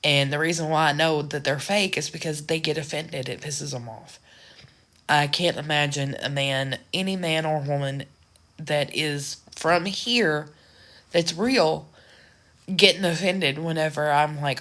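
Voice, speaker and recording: A woman's voice: sits low, fairly even intonation, measured pace, fairly bright tone. A woman from the United States talking frankly and ramblingly in a casual vlog. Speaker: social media creator.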